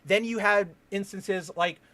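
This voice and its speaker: Male podcast host on a fired-up solo rant; a touch high, swears freely, trips over restarts. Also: unhurried, sharp tone. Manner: heated, profane ranting with frequent restarts.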